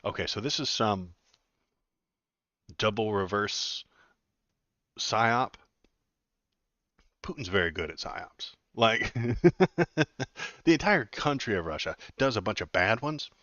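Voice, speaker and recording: A deep-voiced man rambles through political news on his livestream, dropping sarcastic jokes between filler words. The sound is dry and slightly dull, like a cheap home mic. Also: lively intonation, a little slow, long pauses, sharp tone, dry recording. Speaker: political commentary streamer. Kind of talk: casual livestream commentary.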